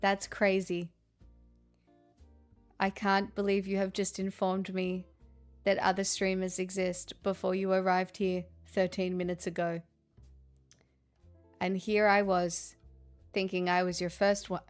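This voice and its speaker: An Australian woman talks casually to her live viewers at an ordinary middle pitch. Her humor is dry and sarcastic, and she often turns it on herself. Faint music plays in the background. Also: monotone, measured pace, long pauses. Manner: sarcastic, chatty, self-deprecating. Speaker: livestream host.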